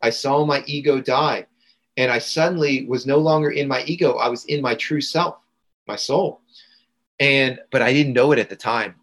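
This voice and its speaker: A man, a podcast guest, telling a long personal story in an earnest, halting way with fillers and restarts. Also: medium pitch, fairly bright tone, low-quality recording. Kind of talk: storytelling in a conversation.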